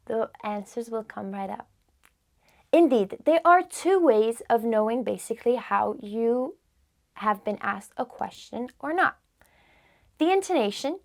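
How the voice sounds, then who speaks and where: A woman teaches a beginner class at an unhurried pace, saying each phrase and then translating it. Her voice sits a little high, and her manner is patient and clear. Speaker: language teacher. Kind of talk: slow, clear teaching with repetition.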